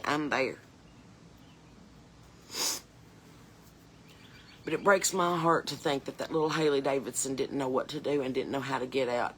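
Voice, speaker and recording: A woman's voice: fairly low pitch, bright, forceful tone, a little hiss or hum. A woman playing a blunt, chain-smoking porch mom, talking in a folksy, earnest, rambling way. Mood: tearful. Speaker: comedian in character. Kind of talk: comedic character monologue.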